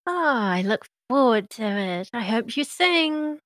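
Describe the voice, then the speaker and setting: A woman's voice: a little high, expressive, slow pace, fairly bright tone, voice pushed up. A woman doing a bubbly gossipy diner owner. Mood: chatty. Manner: chatty, gossipy.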